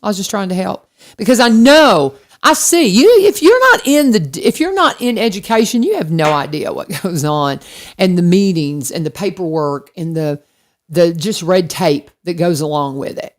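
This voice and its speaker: A woman co-hosting a radio talk show, telling a story in a lively, self-deprecating way and speaking straight to the listeners. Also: fairly low pitch, normal speed. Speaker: radio co-host. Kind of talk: casual chat.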